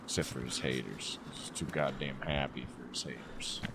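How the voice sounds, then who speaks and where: A man's voice: very deep voice, moderate pace, creaky, very noisy. A man streaming a survival game, talking to himself in rambling, joking commentary. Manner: rambling, joking self-talk. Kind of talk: casual gameplay commentary.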